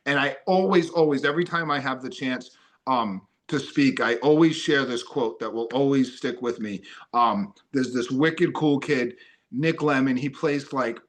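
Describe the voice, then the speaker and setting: A man chatting on a podcast in an upbeat, excitable way, now and then breaking into loud cheering. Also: medium pitch, moderate pace. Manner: upbeat, excitable, bursts into loud cheering when quoting himself. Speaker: guest runner. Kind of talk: casual podcast chat.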